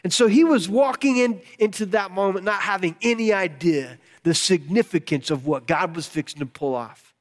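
A man preaching a sermon, telling the story in a chatty way with asides, then building to fervent shouts. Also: high voice, normal speed. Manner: conversational storytelling with laughs and asides. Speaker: pastor.

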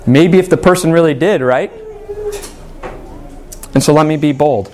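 A man preaches with earnest emphasis, pausing for weight on his key words. His voice sits a little higher than most men's. A faint hiss of noise runs underneath. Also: a little mellow. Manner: earnest, emphatic, with dramatic pauses. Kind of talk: sermon.

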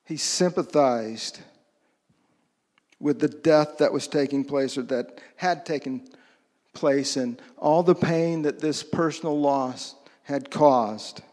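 A man's voice: medium pitch, slow pace, darkish tone, big-room sound. A man preaching a sermon in a conversational way, often asking his listeners questions. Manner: conversational, asks the audience questions.

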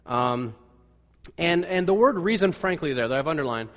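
A man's voice: fairly high pitch, animated, normal speed, fairly bright tone. A man giving a casual, rambling sermon, full of fillers, restarts and wry asides. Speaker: pastor. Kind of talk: conversational sermon. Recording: long hall reverb.

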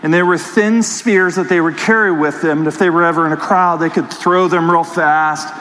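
Man, pastor, lively sermon, high voice, reverberant hall, faint room hum. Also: normal speed. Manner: animated storytelling, addresses the congregation directly. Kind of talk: sermon with personal story.

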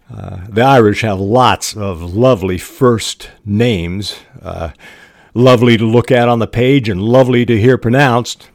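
Slow, thoughtful older man teaching writing. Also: lowish voice, no room sound, studio quality. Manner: unhurried, thoughtful, spells words out letter by letter. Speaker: podcast host and writing teacher. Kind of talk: instructional podcast monologue.

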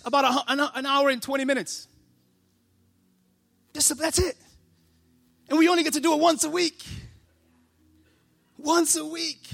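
Bright high-voiced man preaching. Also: vocal fry. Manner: passionate, preaching with rising shouts. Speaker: pastor. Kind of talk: sermon.

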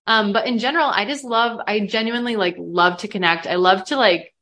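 A young woman from the American Midwest guests on a casual podcast. She talks openly and chattily, sprinkling in likes and ums, in an ordinary middle pitch. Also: fairly quick, fairly bright tone.

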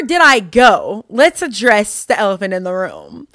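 A woman's voice: on the high side, lively intonation, normal speed, few pauses, a bit bright, no room sound. Bubbly young woman, dry close mic. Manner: rambling, bubbly, self-mocking. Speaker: podcast host. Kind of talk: casual faith podcast chat.

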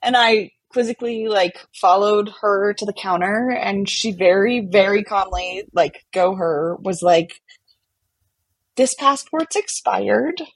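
A woman tells a story in an easy, animated way, her voice a little husky. The sound is dry and close, with no room around it. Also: medium pitch, measured pace, hardly any pauses, dry recording, poor audio. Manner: animated, chatty, many fillers like "like". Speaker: podcast guest telling a story. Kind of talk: casual storytelling.

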